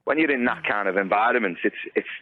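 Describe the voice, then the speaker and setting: A man, a former footballer, telling relaxed, halting anecdotes as a radio guest. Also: lowish voice, dry recording, phone-quality sound. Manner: relaxed storyteller, halting with fillers.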